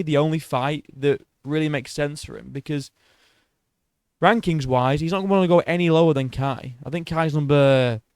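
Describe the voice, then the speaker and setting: A man talks through a fight result in a loose solo commentary. His voice sits a little high and sounds dry and close to the mic. He is blunt and swears a lot, stumbling and restarting sentences as he goes. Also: no echo. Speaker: MMA commentator.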